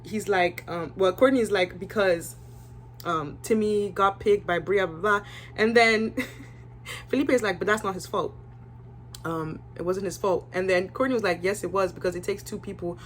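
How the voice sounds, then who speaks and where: A woman's voice: medium pitch, normal speed, slight background noise. A young woman giving a casual, opinionated recap of a reality show, chatting with her viewers and filling her talk with asides.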